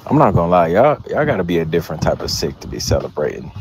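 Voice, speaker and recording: A man's voice: low voice, big pitch swings, fast, background noise. A man talking in a casual, slangy, disbelieving way.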